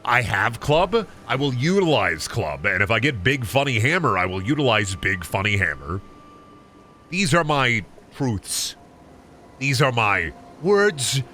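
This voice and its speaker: A man doing a slow solemn caveman. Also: medium pitch, big pitch swings, bright, forceful tone, slight background noise. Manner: broken simple speech, slow and solemn. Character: dim-witted grunting caveman warrior, male. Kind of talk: game streaming.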